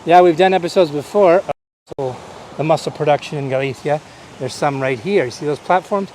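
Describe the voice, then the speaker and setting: A man's voice: on the high side, moderate pace, darkish tone, slight background noise. A Canadian-raised man hosting a live-streamed walking tour outdoors on a coastline, chatting and pointing out the sights as he walks. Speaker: host.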